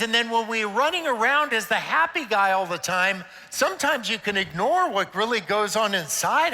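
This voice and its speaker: An older man stands on a conference stage before church leaders, offering inspiration through playful jokes and stories. His pitch is extremely high, pushed and bright, and the hall's long reverb trails each line.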